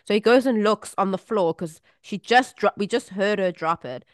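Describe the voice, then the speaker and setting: A woman with a mid-range voice tells a family story in a casual chat. She is lively and animated and laughs often. Her voice sounds close and dry, with almost no room sound. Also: mid-range voice, moderate pace, no room sound. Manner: lively, animated anecdote-telling with frequent laughter. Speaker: podcast co-host.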